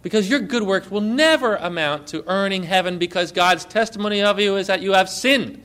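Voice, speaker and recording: A man preaching a sermon to his congregation, emphatic, swinging between forceful and hushed delivery. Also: high voice, a little fast. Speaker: pastor.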